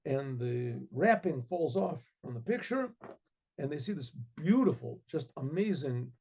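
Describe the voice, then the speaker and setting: A man, a rabbi, telling a story in a sermon with vivid, animated storytelling and hesitant restarts, on a dull lo-fi recording. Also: on the high side, measured pace, breathy edge. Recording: dull lo-fi sound.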